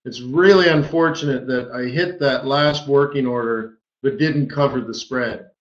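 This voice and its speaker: A man's voice: mid-range voice, normal speed. A man hosting a live trading webinar, exclaiming playfully as he goes through the charts. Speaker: forex webinar host. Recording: roomy, slightly dull webinar audio.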